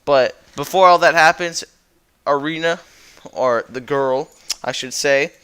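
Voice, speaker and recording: Young male YouTuber, casual and goofy, smooth voice, rambling recap style. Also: on the high side, unhurried, sharp tone. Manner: rambling and goofy, with lots of fillers and self-corrections. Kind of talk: casual recap over a slideshow.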